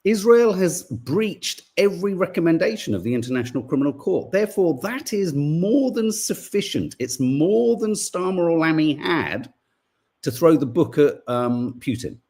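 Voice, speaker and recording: Indignant man, lively pitch. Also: normal speed, husky. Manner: indignant, swearing, rhetorical. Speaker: podcast co-host. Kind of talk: political commentary podcast.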